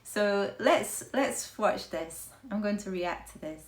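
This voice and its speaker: A woman's voice: medium pitch, slow pace, roomy sound. A woman hosting a casual reaction video, gushing and chatty, laughing often as she talks through pictures. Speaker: royal news reaction host.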